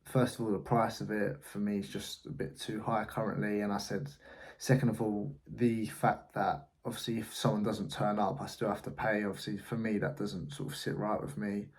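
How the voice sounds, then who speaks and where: Speaking at a moderate pace in a lowish, level voice, an agency owner recounts a frustrating call in a casual vlog. He's blunt and swears freely.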